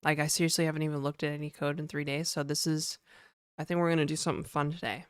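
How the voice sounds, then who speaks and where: Speaking quickly with little pitch movement, a young adult livestreamer and game developer has a slightly high, a bit bright, smooth voice. The studio-quality recording carries no echo. A cold leaves him a little nasal as he rambles casually and greets viewers by name.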